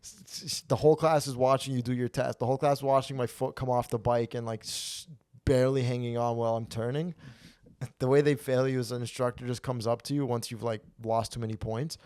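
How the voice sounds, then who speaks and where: A young man in mid-pitch tells a comedy story casually, swearing freely and building to loud rants. The sound is dry and close, with no room echo. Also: fairly quick, clear, resonant tone. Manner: animated, profane, gets loud when ranting. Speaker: podcast host.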